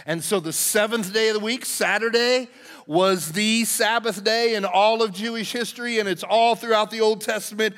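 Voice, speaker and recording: A man with a notably high voice preaches a sermon in a folksy way, teasing his congregation as he goes. His voice rings with the long reverb of a large church hall. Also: pushed and bright. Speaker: pastor. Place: church sanctuary.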